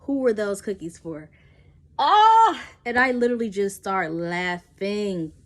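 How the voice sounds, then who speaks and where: Young woman telling a lively storytime. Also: moderate pace. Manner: animated, acts out quotes with pitch jumps. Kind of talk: casual storytime.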